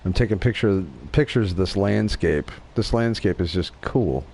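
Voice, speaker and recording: A man's voice: low-pitched, normal speed, creaky, darkish tone, a little hiss or hum. A man with a slight Southern US accent hosting a casual gaming livestream, chatty and joking as he narrates his play. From Wyoming, USA. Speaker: livestream host.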